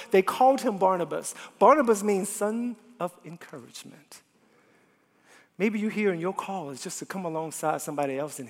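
A man preaching a sermon in a church, impassioned, swinging from loud declarations to hushed appeals. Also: high voice. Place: church sanctuary. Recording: long hall reverb.

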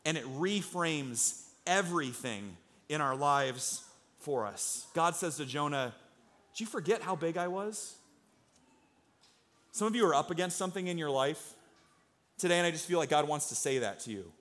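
Male pastor, fairly high voice, earnest conversational sermon delivery with lots of rhetorical questions. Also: expressive, normal speed, a bit bright. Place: church sanctuary.

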